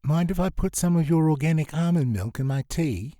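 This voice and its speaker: A man's voice: fairly high pitch, a little fast, warm tone, no room sound, studio quality, natural voice. A man voicing a chipper, matter-of-fact male neighbour with a sly streak. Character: cheerful scheming man, friendly neighbour.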